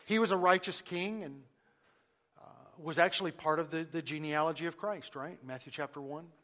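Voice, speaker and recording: A man preaching a sermon, who asks the congregation questions and uses dramatic pauses, moving between loud emphasis and near-hushed lines. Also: on the high side, big-room sound. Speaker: pastor.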